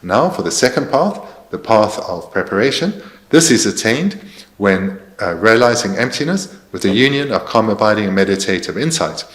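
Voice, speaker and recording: A man translating a Buddhist dharma teaching in a careful, measured way, pausing with fillers as he searches for precise terms. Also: fairly low pitch, expressive. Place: meditation centre teaching hall.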